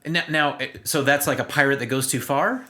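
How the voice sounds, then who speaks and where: A man's voice: medium pitch, a little fast, sharp tone. A man co-hosting a casual podcast chat who drops dry, joking asides. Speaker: podcast co-host.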